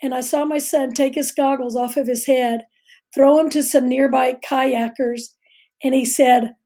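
A woman's voice: high voice, fairly even intonation, unhurried, warm tone. A middle-aged woman earnestly telling a vivid personal story as a guest on a faith talk show.

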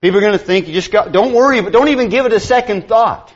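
A man's voice: high-pitched, fast, lo-fi sound. A male preacher giving a sermon, telling stories and acting out the people he quotes. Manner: storytelling, acting out quoted voices.

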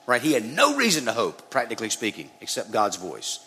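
A man's voice: medium pitch, wildly swooping pitch, brisk, sharp tone. A man preaching a sermon, speaking conversationally and addressing his listeners directly as guys. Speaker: pastor. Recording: long reverb of a hall, faint noise.

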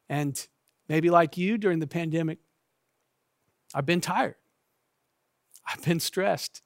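A man in his thirties, a pastor, giving a sermon in a gentle, intimate storytelling way that often sinks to a soft hush. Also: on the high side, dry recording, clean studio sound.

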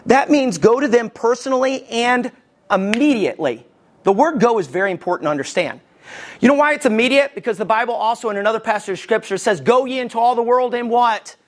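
A middle-aged man preaching a sermon as a pastor, folksy, with asides and jokes, swinging his pitch for emphasis. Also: lively intonation, a little fast.

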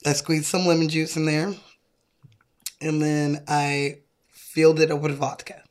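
A woman's voice: low-pitched, flat delivery, a little slow, darkish tone. A young woman co-hosting a casual chat, explaining drinks in a laid-back, rambling way with frequent laughs. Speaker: co-host making cocktails.

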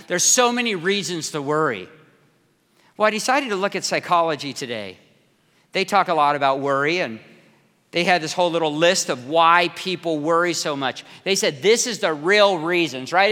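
A man in his fifties preaching a sermon in an energetic, conversational way, talking straight to the congregation. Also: on the high side, in a large hall. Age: 50s. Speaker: pastor.

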